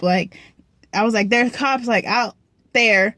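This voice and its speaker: A young woman vlogger telling a story in a casual, profane, slangy way, often clearing her throat, from a parked car. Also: a little high, a little slow, long pauses, fairly bright tone, no room sound, studio quality.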